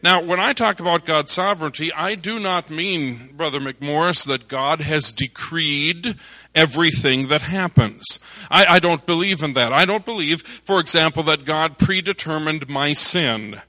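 Animated male preacher with a bright voice. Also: a little high, measured pace, no room sound. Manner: animated storytelling, bursts of shouting in excitement. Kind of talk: sermon with a personal story. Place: church service.

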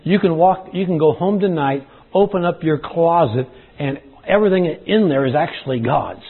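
Man, pastor, sermon, folksy, husky, dry throat, tinny phone-like sound. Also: on the high side, lively intonation, moderate pace. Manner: folksy preaching, addresses congregation as y'all. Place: church service.

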